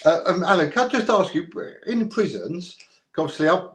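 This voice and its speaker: A man conducts a casual interview and puts his questions hesitantly, with restarts. His voice is slightly high. He sounds a little farther from the mic than his guest. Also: animated, a little fast.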